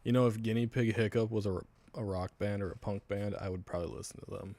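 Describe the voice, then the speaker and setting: A man's voice: lowish voice, steady tone, fast, darkish tone, no echo. A man streamer chatting casually with his live chat, swearing now and then and laughing often. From United States.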